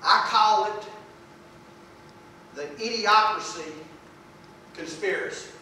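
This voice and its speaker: A man with a drawl delivers a sermon in a folksy, emphatic way and leans on repeated words. His voice sits high and bright, and he speaks slowly. He is heard from some way off the mic in a strongly echoing room. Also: a little hiss or hum. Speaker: preacher. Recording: echoey room, voice from a distance.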